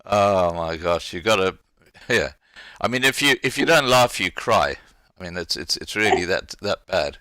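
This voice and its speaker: Bright-voiced male interview host. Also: deep voice, animated, moderate pace. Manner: reactive, stammers on restarts. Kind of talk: live interview.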